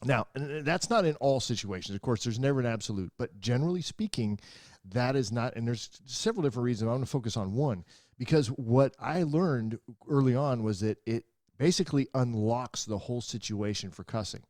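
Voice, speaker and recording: A man co-hosting a podcast who explains his points at length, restarting and checking in with his listener. His voice is of ordinary middle pitch for a man. The mic is close, with a dry room. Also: expressive, fairly quick, a little mellow, no room sound. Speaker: podcast co-host. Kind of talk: casual chat.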